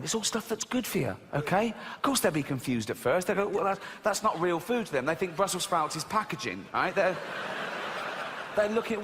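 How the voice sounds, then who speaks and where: High, lively man doing stand-up. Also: in a large hall, slight background noise. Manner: animated, mocking, swearing, acts out voices. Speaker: stand-up comedian. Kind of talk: stand-up routine.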